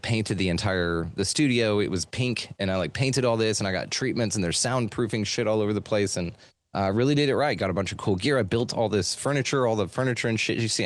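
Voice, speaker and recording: A man's voice: on the low side, no room sound. A middle-aged man chatting casually about his life as a podcast host, loose and profane, with lots of fillers, in a treated home studio. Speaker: podcast host being interviewed. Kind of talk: casual storytelling chat.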